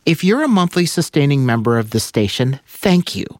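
A male station announcer reads a scripted fundraising message with a lively, rising and falling voice. His tone is upbeat and friendly, recorded dry and close. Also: on the high side, moderate pace, dry recording.

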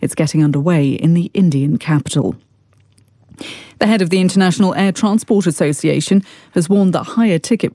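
A woman newsreader delivering a bulletin in a measured, formal way. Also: sits low, warm tone, no room sound, clean studio sound. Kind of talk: news bulletin reading.

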